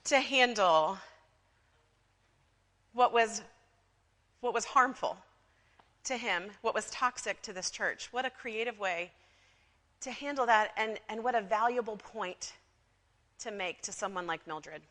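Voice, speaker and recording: Casting: woman pastor, chatty storytelling sermon, bright and sharp, long reverb of a church hall. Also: medium pitch, unhurried, long pauses. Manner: conversational, with frequent asides to the congregation. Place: church sanctuary.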